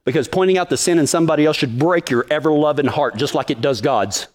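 A man preaching a sermon to his congregation in a folksy, joking manner, swinging from low and quiet to high and emphatic. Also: fast talker. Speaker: preacher of a cowboy ministry.

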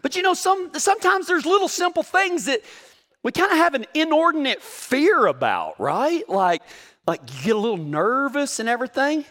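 A man in his forties preaches a storytelling sermon, folksy and full of jokes. His voice sits high and swings widely up and down, with a bright, forceful edge. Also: normal speed. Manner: folksy, joking, animated storytelling.

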